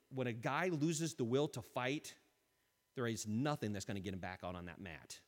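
A man preaching a sermon as pastor, impassioned and emphatic, dropping suddenly to quiet lines. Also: mid-range voice, in a large hall.

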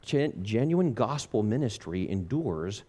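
A man preaching a sermon in an earnest, measured way, slowing down and dropping low on key phrases. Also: big pitch swings, mellow, slightly rough.

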